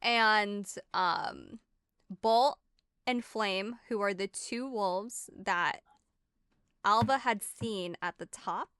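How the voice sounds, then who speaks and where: A woman's voice: mid-range voice, drawn-out words, fairly bright tone, clear, resonant tone, no echo, studio quality. A woman streaming as game master of a tabletop game, narrating the action and teasing her players with laughs and swearing. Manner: giggly, swears freely, playful teasing. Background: faint music.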